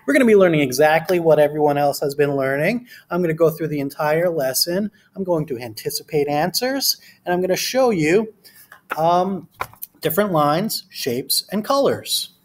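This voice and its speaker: A man teaching an online lesson to young children, giving gentle instructions and reading a storybook aloud with character voices. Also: on the high side, animated, normal speed.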